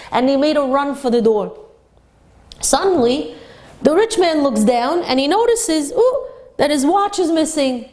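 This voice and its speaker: Animated woman telling a Torah story. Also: a little high. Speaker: Torah teacher.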